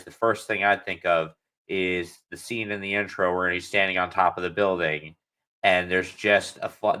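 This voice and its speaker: A man's voice: low voice, sharp tone, rough recording. A young man hosting a podcast who chats casually and earnestly, starting his sentences over several times. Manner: earnest, hesitant, with many restarts. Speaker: podcast host. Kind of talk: casual interview chat.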